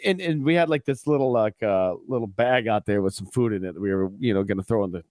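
A man's voice: lowish voice, fast, darkish tone, no room sound, clean studio sound. A man co-hosting a morning radio show, telling a rambling story with laughs and acted-out quotes. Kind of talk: casual storytelling banter on radio. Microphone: studio mic.

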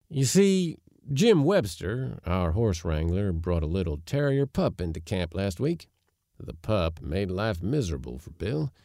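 A man's voice: low-pitched, warm tone, no echo, studio quality. A man voicing a sly young cowboy who spins a folksy, earnest-sounding yarn in a storybook reading. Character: sly young cowboy, smooth-talking and quick.

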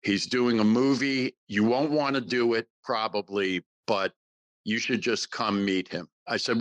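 A man's voice: fairly low pitch, normal speed, a bit bright, no echo, muffled recording. A man in his sixties, a guest actor in a casual interview, telling a story and acting out the quoted dialogue.

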